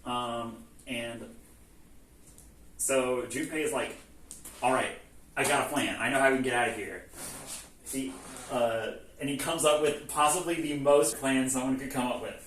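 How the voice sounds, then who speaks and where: Recapping a video game's story like a casual comedy lecture, this bright-voiced man speaks at medium pitch, a bit slowly, with long pauses. He animatedly performs the characters' lines, swearing often and laughing, in an echoey room with a distant mic and faint background noise.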